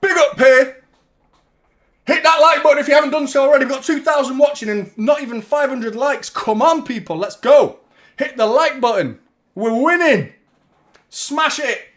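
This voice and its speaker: A man hosting a live fan watchalong, commentating on the match in an excitable, partisan way, swearing and shouting at big moments. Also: very high voice, normal speed.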